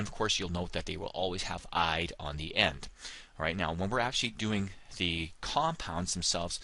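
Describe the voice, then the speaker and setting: A man's voice: low voice, pushed and bright. A man teaching a chemistry lesson, explaining step by step with frequent fillers like "of course" and "all right.". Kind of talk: recorded classroom lesson.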